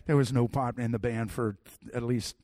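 Animated man preaching, dry close sound. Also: mid-range voice, normal speed, no room sound. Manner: animated storyteller, swings from loud to soft. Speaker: pastor. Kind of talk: sermon with personal stories.

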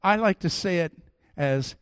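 A middle-aged man preaching a sermon, telling personal stories in an animated way that swings from loud to soft. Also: high-pitched, measured pace, clean tone, no room sound, clean studio sound. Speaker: pastor.

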